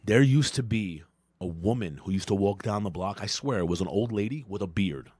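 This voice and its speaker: A male comedian co-hosting a podcast, swinging his pitch up and down as he spins crude, profane anecdotes in loose banter. His voice is close and dry, with no room sound around it. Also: animated, a little fast, slightly rough, no room sound. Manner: profane storyteller, puts on shouty tough-guy voices in anecdotes.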